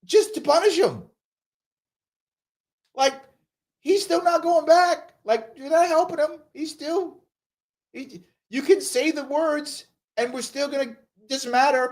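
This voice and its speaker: A man's voice: extremely high pitch, moderate pace. A man hosting a live ask-me-anything show, reading viewer comments aloud and answering them in an emphatic way, repeating phrases for emphasis and slipping into mocking voices. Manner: does mocking voices of opponents.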